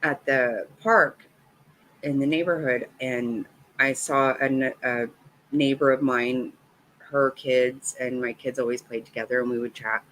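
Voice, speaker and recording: A woman in her fifties tells a story from her own life in a loose, rambling way, swearing as she goes. Her voice sits low for a woman but sounds bright and forward. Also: steady tone, measured pace, low-quality recording. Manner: rambling, swears freely, laughs between lines. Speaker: vlogger telling a personal story. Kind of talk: casual storytelling.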